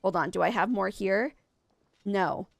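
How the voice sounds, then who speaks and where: A woman's voice: mid-range voice, a little slow, creaky, no room sound. A young woman live-streaming a game, chatting with viewers in a rambling way and correcting herself often, with a stuffy nose. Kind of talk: casual live-stream chat.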